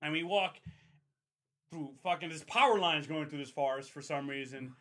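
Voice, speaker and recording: A young man on the high side of pitch, speaking at normal speed, tells friends a long story on a podcast. It's casual talk, thick with swearing, and he animatedly voices the people he describes.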